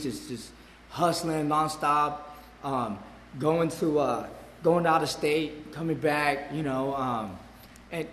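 A man's voice: on the high side, fairly bright tone, slight background noise. Brief: man in his forties, rambling personal testimony, stumbles and repeats, echoey hall with a long tail. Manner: rambling, repeats words, many fillers. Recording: echoey hall with long reverb, faint ambience.

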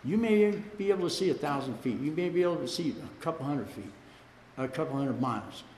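A man's voice: on the high side, animated, brisk, a little mellow, slight background noise. Man sharing his story in an echoey hall. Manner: rambling, conversational, lots of "you know"; laughs while telling stories. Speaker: speaker sharing at a recovery meeting. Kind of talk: personal testimony at a meeting. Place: meeting room. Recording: echoey hall, faint room ambience.

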